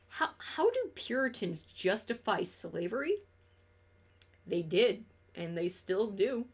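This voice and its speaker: A young woman with a slightly high voice chats her way through a game stream. She rambles from topic to topic, swearing freely and laughing often, with a sarcastic edge. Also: very animated, slow, a bit bright, husky. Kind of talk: casual chat while gaming on stream.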